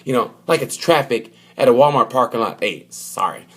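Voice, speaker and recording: A man's voice: mid-range voice, a little fast, slightly rough. A man giving a casual, joking race review, rambling and acting out little quotes as he goes. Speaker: motorsport vlogger.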